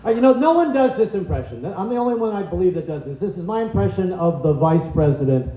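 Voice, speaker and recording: A man's voice: high-pitched, animated, quick pace, dark tone, a little hiss or hum. A male stand-up comedian doing a self-deprecating set in a small club, with stammering fillers. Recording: dull echoey club sound.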